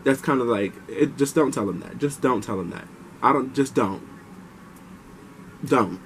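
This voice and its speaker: Young male vlogger, casual and chatty storyteller, mid pitch, light background hum. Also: a little slow, rough recording. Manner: chatty, animated, advising viewers directly. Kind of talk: personal storytelling to camera.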